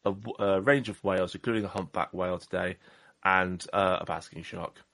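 Jokey rambling man, lowish voice. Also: fairly even intonation, a little fast, fairly bright tone, dry recording. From Southwest England. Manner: rambling, jokey, self-deprecating. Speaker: podcast co-host. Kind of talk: casual chat.

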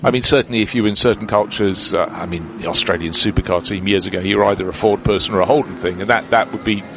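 A man's voice: lowish voice, fast, creaky. A man giving live motorsport commentary, chatty and explanatory as he breaks down the race. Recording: commentary with loud car noise behind.

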